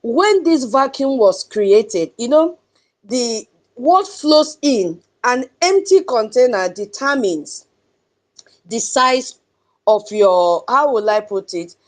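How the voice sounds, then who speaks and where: A woman's voice: a little high, animated, takes it slowly. A woman with a Nigerian accent hosting an online audio space, speaking in an emphatic, preachy advocacy style. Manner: chanting drum sounds, emphatic and preachy, laughs often. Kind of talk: impassioned advocacy talk.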